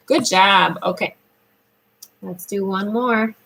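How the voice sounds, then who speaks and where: Slow, lively sing-song speech therapist woman. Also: medium pitch, low-quality recording. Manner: slow, sing-song praise for a child, drawn-out words. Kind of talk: children's speech lesson.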